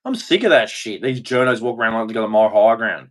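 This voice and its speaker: A man ranting on his own, heated and profane, turning preachy at times and swinging between shouting and muttering. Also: fairly low pitch, expressive, fast talker. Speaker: vlogger. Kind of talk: angry solo rant.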